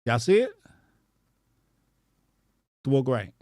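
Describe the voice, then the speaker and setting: A male comedian riffs through internet posts in loose slang, swearing freely and breaking into laughter. His voice sits at an ordinary middle pitch. The recording is dry and close. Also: big pitch swings, slow, darkish tone, dry recording. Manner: profane, laughing, slangy and off-the-cuff. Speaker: comedian host.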